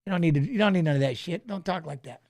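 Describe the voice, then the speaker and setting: A man's voice: a little high, fast talker, a little mellow. A man hosting a live fight watch-along in a loose, rambling chat, reading out fighter stats and talking to viewers. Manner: frequent "you know what I mean" tag.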